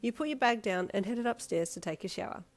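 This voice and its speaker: A woman narrating a fan fiction audio story in a steady, even read. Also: on the high side, a little fast. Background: faint instrumental music.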